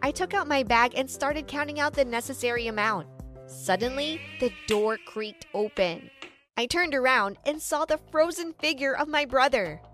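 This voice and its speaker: A woman's voice: sits high, normal speed, a bit bright, faint music behind. A woman narrating a dramatic first-person story, voicing the quotes lightly.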